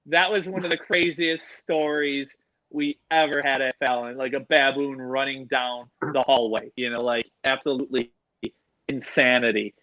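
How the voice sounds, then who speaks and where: A man, a podcast guest who works with animals, telling a story in an animated way and swearing freely. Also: medium pitch, moderate pace, dry recording, lo-fi sound.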